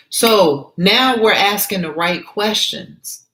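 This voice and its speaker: A woman's voice: fairly low pitch, lively intonation, takes it slowly, a bit bright, reverberant, poor audio. A woman author reading her own story aloud and stopping to comment, repeating her points emphatically and checking that the listener follows.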